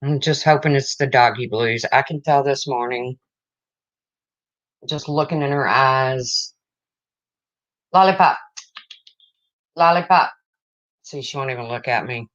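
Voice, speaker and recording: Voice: medium pitch, steady tone, moderate pace, fairly bright tone, lo-fi sound. A livestream host in casual chat, rambling and breaking off to greet viewers, emotional and close to tears.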